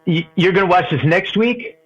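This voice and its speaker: Chatty man phoning in; rambling, quick to laugh, voice sits a little high. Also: breathy edge, lo-fi sound, faint music behind. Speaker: caller. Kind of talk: casual call-in chat.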